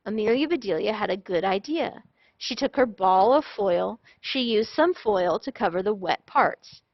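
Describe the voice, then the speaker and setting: A woman narrating a children's storybook read-aloud in a clear, even storytelling manner. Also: medium pitch, moderate pace, no room sound, muffled recording.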